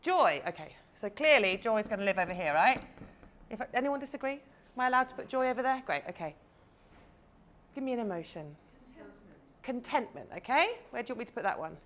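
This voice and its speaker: A woman's voice: on the high side, animated, quick pace, pauses often, fairly bright tone. A woman, a confidence coach giving a chatty, playful talk to a live audience on stage.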